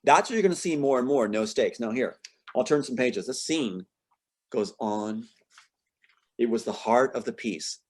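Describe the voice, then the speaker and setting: A man's voice: medium pitch, normal speed, long pauses. Passionate, emotional male screenwriter. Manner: passionate and emotional, voice rising sharply when indignant. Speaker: screenwriter being interviewed. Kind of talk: conversational interview, reading from a script.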